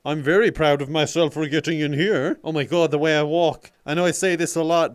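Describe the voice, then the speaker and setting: A young man in his twenties with an Irish accent, giving joking, excitable gameplay commentary and often yelling and laughing. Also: fairly high pitch, a little fast, few pauses, dry recording. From Ireland. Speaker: gaming YouTuber.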